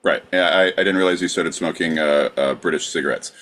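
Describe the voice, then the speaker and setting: A man's voice: very deep voice, fast talker, a bit bright. A man co-hosting a live comedy podcast, asking questions in a wry, joking manner.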